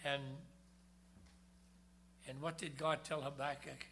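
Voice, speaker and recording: A man preaching a sermon who swings between loud emphasis and hushed low tones and slows down to read scripture. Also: creaky, a little hiss or hum.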